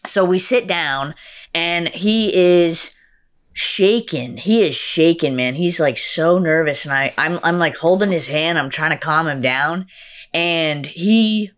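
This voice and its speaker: A young woman with a low voice, telling a story in a relaxed chat. She acts out other people's lines and swings her pitch up high for them. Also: slow. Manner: animated, acts out quotes with big pitch jumps. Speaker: guest.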